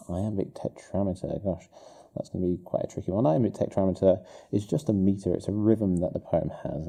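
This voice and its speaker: Male teacher, low and dark with some fry, walking a student through meter in a warm, encouraging feedback style. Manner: encouraging, talks to the student directly, thinks aloud while writing. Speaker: English teacher. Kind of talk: explaining exam writing while annotating.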